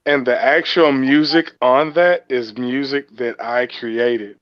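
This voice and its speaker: A man's voice: medium pitch, steady tone, slow, clean tone, no room sound, muffled recording. A man on a casual live stream, talking in a matter-of-fact way.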